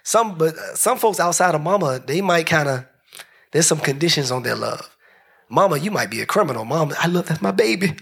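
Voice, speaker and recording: A man preaching a lively sermon, joking with the congregation, dropping into slow low phrases and rising into high shouts. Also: gravelly, breathy edge. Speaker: pastor.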